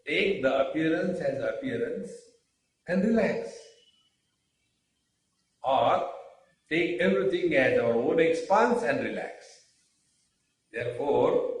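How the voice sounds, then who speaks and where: A man giving a spiritual discourse, speaking deliberately with rhetorical questions and pauses. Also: a little high. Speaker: spiritual teacher. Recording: very echoey room, mic far off.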